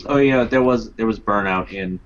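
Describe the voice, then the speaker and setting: A man's voice: on the low side, normal speed, lo-fi sound. A man co-commentating a live card game match, trading dry jokes with his partner. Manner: joking, dry banter.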